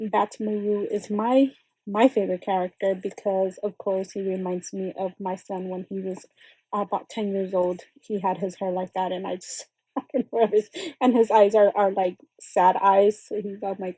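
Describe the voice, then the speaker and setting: A woman's voice: medium pitch, level tone, moderate pace, warm tone, slightly rough, no echo, low-quality recording. A middle-aged woman hosting her craft channel, chatting casually and rambling with lots of fillers and exclamations. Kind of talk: casual unboxing chat.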